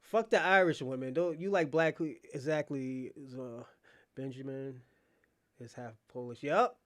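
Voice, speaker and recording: A man's voice: mid-range voice, measured pace. A man hosting a podcast live stream, bantering with chatters in a brash, mocking, profane way. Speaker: livestream podcast host. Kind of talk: casual live chat reacting to viewers.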